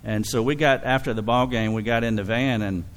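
Middle-aged male pastor, heartfelt sermon, tearful and warm with laughter. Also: medium pitch, steady tone, fairly quick. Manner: emotional, tearful storytelling with frequent laughs. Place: church.

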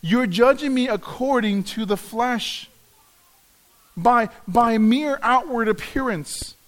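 Guy preaching, kinda high voice, earnest and repeats himself a lot. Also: slow, a bit bright. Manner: earnest, repeats words as he restarts. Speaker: pastor. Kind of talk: sermon.

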